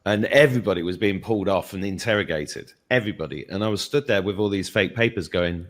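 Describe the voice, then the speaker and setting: A man in an interview telling a lively anecdote in a casual tone, swearing freely. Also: fairly low pitch, quick pace. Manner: animated anecdote-telling, swears, laughs through the story.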